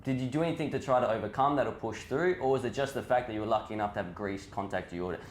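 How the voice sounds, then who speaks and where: Host asking long, rambling questions. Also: male voice, fairly low pitch, racing. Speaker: podcast host. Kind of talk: casual podcast interview. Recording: echoey room, faint noise.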